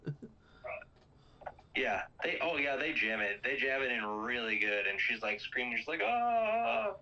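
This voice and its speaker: A man's voice: mid-range voice, normal speed, sharp tone, dull audio. Rambling man recapping a movie. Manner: rambling, filler-heavy retelling with quoted lines.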